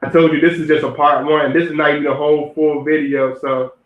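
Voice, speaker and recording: Here a young male livestreamer offers meandering zodiac-based relationship advice in a slightly high, brisk voice that barely moves in pitch. He repeats himself, restarts lines, and speaks directly to his chat in a casual way. Recording quality is phone-like and lo-fi with a roomy feel.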